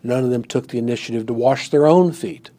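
Guy giving a sermon, kinda dark husky voice, chatty with lots of "you know", gets loud acting out quotes. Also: mid-range voice, fairly quick. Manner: expository Bible teaching, conversational with frequent "you know"; dramatizes quoted lines with rising emphasis. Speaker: pastor.

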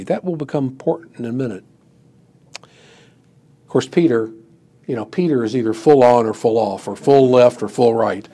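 A man's voice: medium pitch, normal speed, long pauses, mellow, slightly rough. A man preaching a sermon and teaching a Bible passage in a conversational way, with many "you know"s, who acts out the quoted lines with rising emphasis. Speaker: pastor.

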